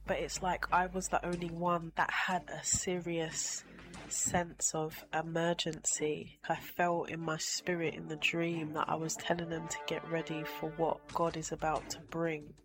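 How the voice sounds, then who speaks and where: A woman's voice: deep voice, level tone, a little slow, poor audio. A woman giving an earnest personal testimony about a dream. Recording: music bed behind the voice.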